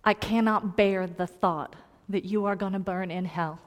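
A woman's voice: mid-range voice, steady tone, moderate pace, natural voice. A woman quoting a tearful young man pleading. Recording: long hall reverb.

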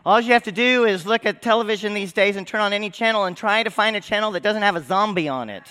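Bright-voiced preacher with a lilt. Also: male voice, high voice, fast talker, clean tone. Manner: conversational preaching, asks the congregation questions. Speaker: pastor. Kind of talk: Easter sermon. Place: church sanctuary.

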